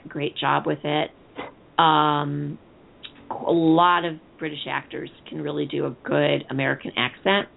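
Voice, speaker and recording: A woman's voice: low voice, creaky. A woman co-hosting a TV discussion show, chatting casually and rambling as she reads listener comments aloud. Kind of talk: casual chat. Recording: tinny phone-line sound.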